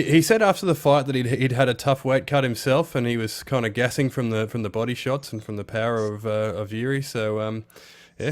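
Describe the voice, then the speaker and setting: A man hosts a relaxed podcast conversation. His voice sits at a middling pitch. He speaks hesitantly, and his sentences are full of fillers. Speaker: podcast host. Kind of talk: casual podcast chat.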